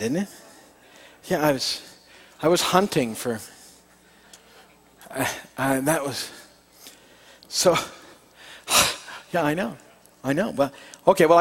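A man's voice: medium pitch, long reverb tail. A man preaching a sermon as a pastor, folksy and hesitant with many fillers, telling a joke and reading scripture.

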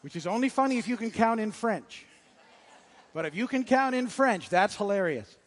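A man's voice: high-pitched, expressive, moderate pace, in a large hall. A man preaching a sermon as pastor, conversational and jokey, with frequent restarts. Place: church sanctuary.

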